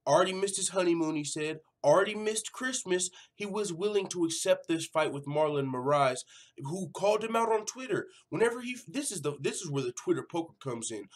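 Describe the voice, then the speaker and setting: Guy ranting on his mma news channel, kinda high voice, cussing a lot, gets loud acting out quotes. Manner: animated, swears freely, acts out quotes. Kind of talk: casual profane commentary vlog.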